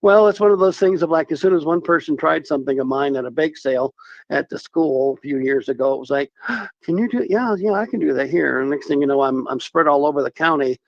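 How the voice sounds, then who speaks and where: A man's voice: on the high side, fairly even intonation, fairly quick, dry recording. A man calling in to a talk radio show from his mountain home, telling rambling, joking stories. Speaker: caller. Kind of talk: casual phone-in chat. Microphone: telephone. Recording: muffled phone line.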